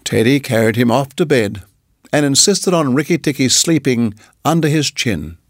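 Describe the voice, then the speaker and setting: A man narrating a storybook in a measured, even reading voice. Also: medium pitch, no room sound, studio quality.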